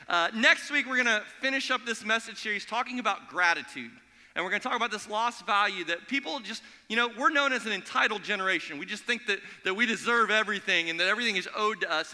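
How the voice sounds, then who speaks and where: Guy pastor giving a lively chatty sermon, super bright tense voice, big church echo. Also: high voice. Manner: energetic, conversational storytelling. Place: church sanctuary. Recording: long hall reverb.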